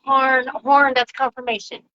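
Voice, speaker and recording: A woman talking casually on her own broadcast as a spiritual channeler, soft and reflective, drifting from one thought to the next. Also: high voice, level tone, a little slow, muffled recording. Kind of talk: casual spiritual livestream talk.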